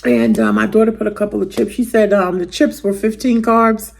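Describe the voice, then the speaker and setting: A woman, chatting casually and warmly to viewers in a homey way in her weight loss vlog. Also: mid-range voice, steady tone, fairly quick, vocal fry. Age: 50s.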